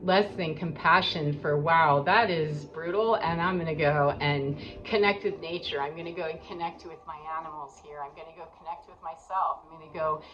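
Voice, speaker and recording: A woman's voice: deep voice, fairly even intonation, fairly quick, hardly any pauses, fairly bright tone. A woman giving an earnest, rambling spiritual monologue as a coach, talking in a preachy way. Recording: dull lo-fi with faint background noise.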